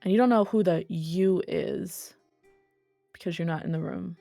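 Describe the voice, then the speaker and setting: A woman's voice: lowish voice, moderate pace, creaky, warm tone, dry recording, faint music behind. A woman narrating a tabletop role-play as game master in a casual way, speaking over a voice call. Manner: casual, swears, laughs.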